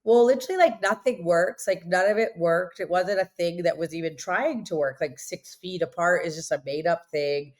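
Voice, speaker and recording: Emphatic woman with a lowish voice. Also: normal speed, few pauses. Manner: emphatic, storytelling, frequent "like". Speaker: interview guest, restaurant owner. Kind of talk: candid conversational interview.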